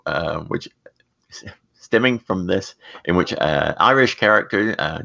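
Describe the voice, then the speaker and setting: A low, gravelly man co-hosts a podcast in easy, casual chat, his pitch rising and falling a lot. He reads out news with frequent laughs in between. The sound is a little dull and lo-fi. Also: a bit bright. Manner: laughs often between lines. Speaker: podcast co-host.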